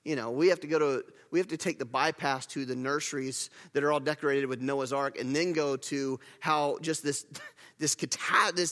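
A man with a high, bright voice delivers a sermon in a church hall. He speaks conversationally but with emphasis, often restarting and correcting himself mid-sentence. The sound rings with a long hall reverb. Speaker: pastor.

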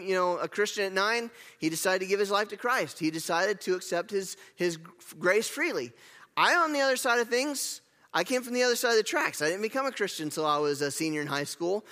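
A bright, high-voiced male pastor delivers an animated sermon, swinging from casual asides to emphatic declarations. His voice rings out in a church sanctuary with a long hall reverb trailing each phrase.

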